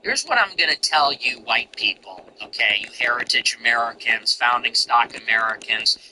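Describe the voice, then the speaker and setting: A man's voice: medium pitch, animated, moderate pace, pushed and bright, slight background noise, rough recording. A man hosting a commentary show, ranting contemptuously in repetitive, emphatic lists. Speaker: show host. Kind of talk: political commentary monologue.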